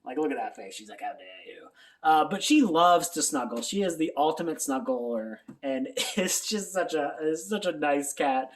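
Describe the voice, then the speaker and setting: Chatty man with a lively voice. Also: a little high, moderate pace, hardly any pauses. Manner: rambling, chatty, laughs often. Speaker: channel host. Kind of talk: casual vlog chat. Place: at home.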